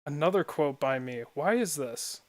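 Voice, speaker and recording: A man's voice: fairly high pitch, animated, moderate pace, no echo. A young man streaming and chatting casually while gaming, rambling and often laughing at his own stories.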